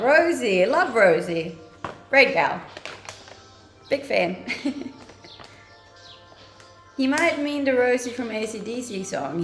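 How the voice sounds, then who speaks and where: A cheerful woman in her twenties from Denmark, hosting a livestream from home and answering viewers with teasing humor. Her voice sits a little high, and the room gives it a noticeable echo, with faint music playing underneath. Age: 20s. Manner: cheerful, teasing, laughs often. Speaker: livestream host. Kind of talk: casual chat reading viewer comments. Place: home kitchen.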